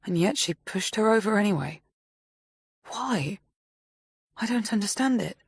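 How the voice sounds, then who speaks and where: A woman narrator voicing Christy, a shaken woman who speaks quietly and subdued. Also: mid-range voice, lively intonation, measured pace, husky, no room sound, clean studio sound, pitched above the performer's own voice.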